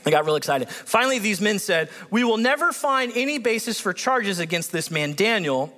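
A man preaching a sermon, reading scripture aloud and breaking off into excited commentary. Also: sits high, moderate pace, few pauses, big-room sound. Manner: animated, excitable, acts out biblical characters with voice shifts. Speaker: pastor.

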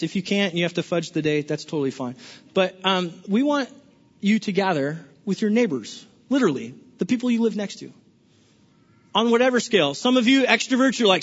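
A man preaching a sermon as a pastor, animated and playful, often stammering and restarting his sentences. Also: sits high. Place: large church hall. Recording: dull lo-fi recording with long hall reverb.

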